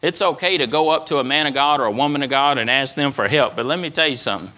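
Bright-voiced male preacher, repeating for emphasis. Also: mid-range voice, fast talker. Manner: preaching with rising and falling emphasis. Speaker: pastor. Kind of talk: sermon.

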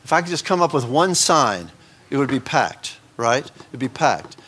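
A man's voice: lively intonation, normal speed, fairly bright tone, husky. A man preaching a sermon in a church. He lifts his voice for scripture and drops into chatty asides. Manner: rises in pitch for emphatic scripture passages, drops into asides. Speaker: pastor. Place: church sanctuary.

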